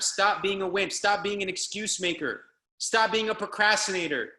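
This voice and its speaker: A man's voice: sits high, moderate pace, pushed and bright, reverberant. A man giving a motivational speech to a group call as a business trainer, exhorting and hammering the same phrases again and again. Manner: fired-up, hammering repetition, exhorting.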